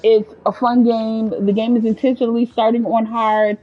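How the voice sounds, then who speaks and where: A chatty, expressive woman with an African American English accent, giving casual commentary on a video game to her viewers. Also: on the high side, moderate pace, muffled recording. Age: adult. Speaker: gaming streamer.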